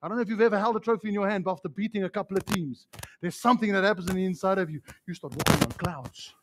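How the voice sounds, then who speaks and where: A man with a New Zealand accent preaching a sermon in a church, fiery and excitable, swinging from shouts to hushed tones and calling listeners bro. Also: sits high, racing, background noise. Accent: New Zealand English. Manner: casual slang, calls listeners bro and man. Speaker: pastor. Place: church hall.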